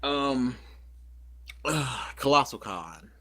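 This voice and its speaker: A man's voice: mid-range voice, expressive, very slow, bright, forceful tone. A man co-hosting a podcast, chatting casually and telling a rambling story full of fillers and self-corrections. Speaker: podcast co-host.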